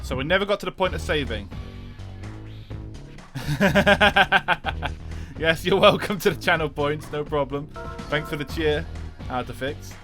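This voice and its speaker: A man's voice: fairly high pitch, measured pace, pauses often, pushed and bright, faint music behind. A man streaming a retro racing game, chatting casually and laughing at his own setup troubles. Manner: chatty, self-deprecating, laughs often. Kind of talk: casual gameplay livestream chat.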